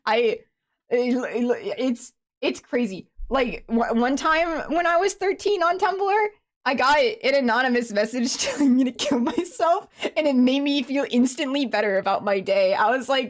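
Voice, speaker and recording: A woman's voice: high voice, animated, unhurried. A young woman streamer chatting casually with viewers, rambling with many fillers and restarts, and laughing in a sniffly way that sounds close to tears.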